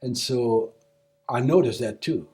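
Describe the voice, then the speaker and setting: A husky older man recalls his past for an oral history interview. He tells it casually, at a middle pitch, and he brings the story to life by acting out the voices of the people in it. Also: a little slow. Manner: animated storyteller who acts out quoted dialogue. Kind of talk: casual spoken recollection.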